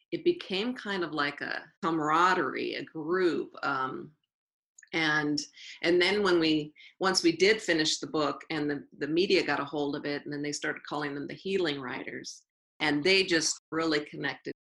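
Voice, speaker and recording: A woman's voice: low-pitched, creaky, poor audio. A woman teacher telling stories in an interview, acting out quoted dialogue and circling back to repeat her phrases. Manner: lively storyteller who acts out quoted dialogue and repeats phrases. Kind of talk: storytelling in an interview.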